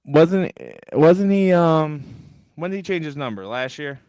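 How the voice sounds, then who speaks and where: Animated, profane man podcasting. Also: fairly high pitch, a little slow, clean tone, no echo. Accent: Philadelphia. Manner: profane, animated, laughs often. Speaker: podcast co-host. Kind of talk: casual sports chat.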